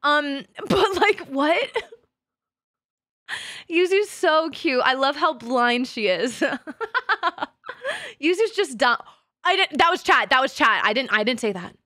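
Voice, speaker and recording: High, bright giggly woman streamer. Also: big pitch swings, takes it slowly, pauses often, no echo, studio quality. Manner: profane and giggly, swears often and laughs a lot. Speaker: VTuber streamer. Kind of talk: casual live-stream chat.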